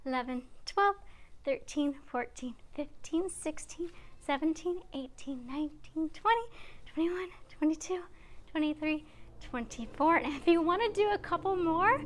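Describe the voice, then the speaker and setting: Breathy woman leading a workout. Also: sits high, unhurried. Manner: encouraging, counts reps aloud while exercising. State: a little out of breath. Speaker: fitness instructor. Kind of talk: guided workout instruction.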